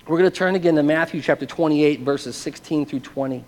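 A man's voice: on the high side, brisk, few pauses, a little mellow, long reverb tail. A man preaching a sermon as pastor, telling a personal testimony in an earnest, conversational way and often checking in with listeners.

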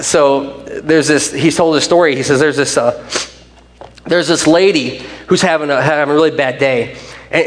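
A man's voice: a little high, a bit bright. A man pastor giving a casual, rambling sermon in a folksy way, often restarting and adding asides. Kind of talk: conversational sermon. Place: church sanctuary.

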